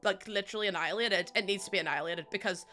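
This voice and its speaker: A woman's voice: mid-range voice, very fast, pushed and bright. A young woman streamer chatting bubbly with her viewers while building in a game, laughing often.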